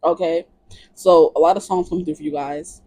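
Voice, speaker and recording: A woman's voice: low voice, steady tone, normal speed, dark tone, no echo. A woman giving a casual tarot reading to camera, chatty and playful, singing bits of songs. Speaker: tarot reader.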